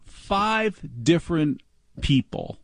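A middle-aged man hosting a talk show, ranting in an exasperated, mocking way and mimicking staff in a high voice. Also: sing-song, slow pace, no room sound, studio quality. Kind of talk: ranting monologue.

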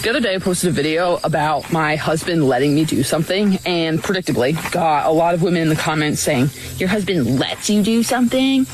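A woman's voice: low voice, fast talker, hardly any pauses, rough recording. A woman talking emphatically to camera in a matter-of-fact manner. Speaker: video creator. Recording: music playing behind.

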